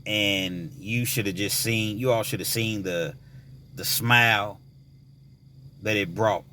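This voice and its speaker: A man vlogging, telling a story in a casual, rambling way with many fillers, sometimes mimicking frantic girls in a high voice. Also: fairly even intonation, takes it slowly, pushed and bright, a little hiss or hum.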